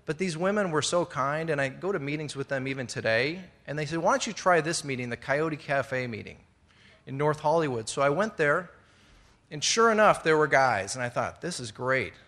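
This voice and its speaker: Addressing fellow members indoors at a recovery meeting, a middle-aged man tells his story in a bright, ringing, slightly high voice. He's animated and moves at a moderate pace, rambling conversationally with lots of fillers and restarts. He stays sincere, with the odd laugh at himself.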